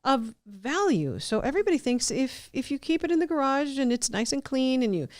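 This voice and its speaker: A woman's voice: sits high, very animated, brisk, darkish tone, studio quality. A woman hosting a podcast, asking friendly questions and echoing her guest's answers. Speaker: podcast host. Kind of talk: casual interview talk. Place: podcast studio.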